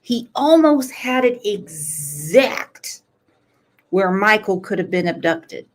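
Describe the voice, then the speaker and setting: A woman hosts a true crime show in an unhurried, earnest way, speaking straight to her viewers. Her pitch sits in a middle range and she takes her time over each thought. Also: very animated, slight background noise. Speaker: true crime channel host. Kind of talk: casual commentary on a livestream.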